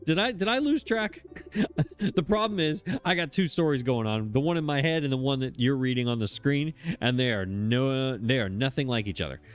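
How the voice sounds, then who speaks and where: A man's voice: medium pitch, normal speed, clean tone. A man hosting a cozy farming game let's play, chatting casually and joking about the story with frequent laughs. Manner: jokey, self-deprecating, laughs often. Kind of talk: casual gameplay commentary.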